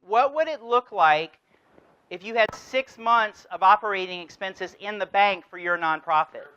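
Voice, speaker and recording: A man's voice: high voice, normal speed, bright, forceful tone, clear, resonant tone, dull audio. A man giving a motivational keynote address, telling a story and driving his points home with rhetorical questions. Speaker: keynote speaker.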